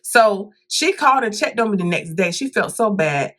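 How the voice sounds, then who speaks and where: A woman vlogging a casual storytime, dramatic and animated, acting out quotes and calling her viewers "y'all". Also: mid-range voice, moderate pace, slight background noise. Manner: addresses viewers directly as "y'all" and "baby".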